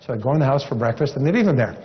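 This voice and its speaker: A seminar speaker delivers a motivational speech in a large hall, his mid-range voice rapid-fire with lively intonation. He is encouraging and repetitive, telling a story to drive his point home. The lo-fi recording sounds dull, with a long hall reverb.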